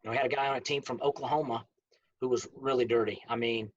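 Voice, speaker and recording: Man, lively anecdote, acts out quotes, husky, dull lo-fi sound. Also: medium pitch, fast talker. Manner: lively storyteller who acts out the quoted lines. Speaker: former college wrestler. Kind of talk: casual anecdote.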